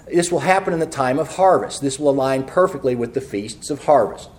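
A man's voice: mid-range voice, lively intonation. Fervent male preacher. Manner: fervent, rises loud on scripture readings; fast, apologizes for speaking quickly. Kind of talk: prophecy sermon.

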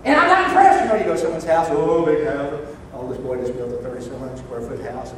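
An older man preaching a sermon, swinging between loud shouted points and quiet, joking asides to his congregation. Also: mid-range voice, huge pitch swings, rapid-fire, a little hiss or hum. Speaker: pastor. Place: church sanctuary. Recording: echoey church hall from far off.

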